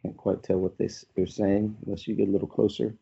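A man running a tabletop game as game master, narrating in a relaxed, halting way. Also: lowish voice, creaky, slightly rough. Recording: muffled lo-fi audio.

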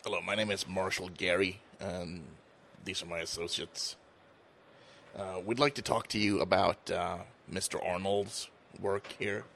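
Deep, gravelly man playing a tabletop game. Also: steady tone, fairly bright tone. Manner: halting, filler-laden. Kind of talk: in-character chat on a voice call.

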